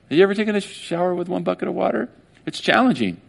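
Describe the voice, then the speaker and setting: A male pastor preaching a casual sermon, animated and conversational, often acting out little quoted voices. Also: high voice, quick pace, vocal fry.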